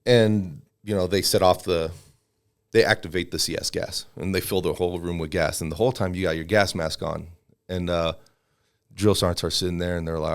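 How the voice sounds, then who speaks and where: A podcast guest around forty, who fights MMA and is an army veteran, tells casual stories a little quickly in a low, clean-toned voice. He's at ease, and he voices quoted people loudly as he impersonates them.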